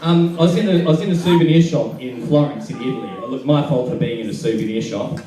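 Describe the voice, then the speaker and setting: A young Australian man doing a self-deprecating stand-up comedy set with deadpan jokes. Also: mid-range voice, quick pace, noisy background. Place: comedy venue with live audience. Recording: echoey room mic'd from a distance, crowd laughter.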